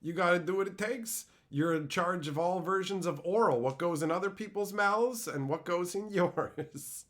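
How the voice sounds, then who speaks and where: A man's voice: high-pitched, normal speed, hardly any pauses, a bit bright. A young man streaming and answering chat in a crude, profane, mocking way, ranting and laughing at his own jokes.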